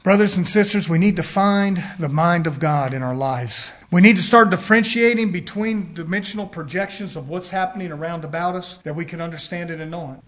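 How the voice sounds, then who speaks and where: A man with a high voice preaches with fervor. He bursts into loud shouts, then sinks into quiet, low lines. This is a pastor's sermon. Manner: swings between loud calls and low, dropped voice.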